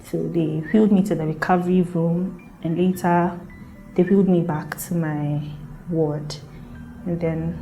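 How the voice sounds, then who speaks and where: This young woman from Ghana has a warm voice on the low side. She recounts her own birth with earnest feeling, performing the voices of those she quotes.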